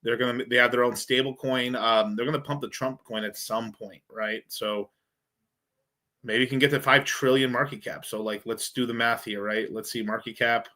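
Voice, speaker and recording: A crypto livestream host with a mid-range voice talks at a normal speed, his intonation fairly even and his tone bright and forceful. He curses casually and rambles through charts, thinking aloud. The audio comes from a streaming setup mic.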